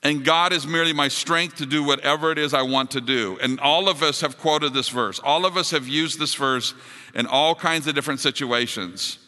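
A man preaching a sermon as pastor, building to emphatic high points and dropping to soft, quiet appeals. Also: moderate pace, in a large hall. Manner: rises to emphatic peaks, drops to soft closing appeals.

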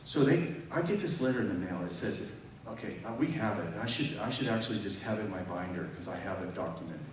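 A man's voice: lowish voice, animated, fast, a little hiss or hum. Preaching man in a distant echoey hall. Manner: storytelling, acts out phone calls, rises to loud emphatic peaks. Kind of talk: sermon testimony.

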